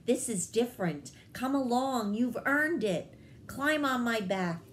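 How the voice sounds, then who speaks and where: A woman reading aloud, voicing a brusque, impatient female hummingbird mother in a storybook with a sharp, curt manner. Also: fairly high pitch, animated, a little slow, slight background noise, pitched above the performer's own voice. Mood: brisk.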